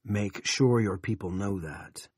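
A brisk official on a phone call, lower and clipped, with a matter-of-fact tone as a man reads him. The voice has a husky grain. It is storybook narration. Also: darkish tone, no echo, clean studio sound. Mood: businesslike.

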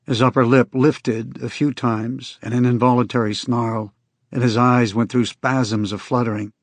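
A man reading scripted first-person narration in an even, unhurried storytelling manner. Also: mid-range voice, no echo. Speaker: audiobook narrator.

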